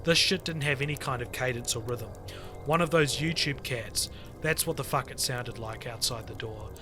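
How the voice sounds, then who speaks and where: A man on a podcast reading a creepy internet story aloud to friends, lively and full of swearing. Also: medium pitch, moderate pace, over music. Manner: animated storyteller, swears freely, breaks off to chat. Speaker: podcast co-host reading stories.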